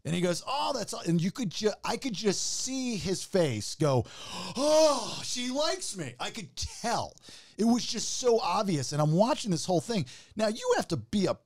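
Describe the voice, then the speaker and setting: A man's voice: normal speed, dry recording, studio quality. A man in casual podcast chat, telling a story with acted-out quotes and frequent swearing. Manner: animated storyteller, acts out quotes with big pitch jumps, swears freely.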